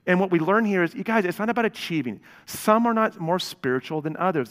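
Male pastor, fairly high voice, storytelling sermon, hushed to excited, long hall reverb. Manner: storytelling, addresses congregation directly; swings from hushed to loud and excited.

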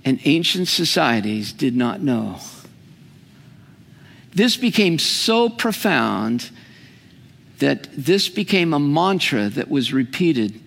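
A man's voice: on the high side, slow pace, gravelly, pauses often. A man preaching a sermon with humor, often asking his listeners questions. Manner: animated, humorous, asks the audience questions. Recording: long hall reverb.

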